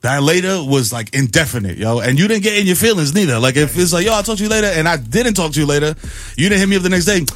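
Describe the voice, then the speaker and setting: A man, hosting morning radio and riffing in animated banter. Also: on the high side, fast talker, no echo, clean studio sound, soft background music. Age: 40s. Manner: animated, riffing, lots of "you know what I'm saying". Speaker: radio host. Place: radio studio.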